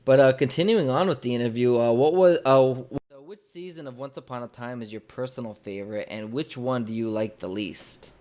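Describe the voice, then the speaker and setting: A man's voice: mid-range voice, brisk, hardly any pauses, darkish tone. A young man interviewing a guest, telling a personal story in a rambling, emotional way, full of fillers and restarts. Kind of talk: casual conversational storytelling.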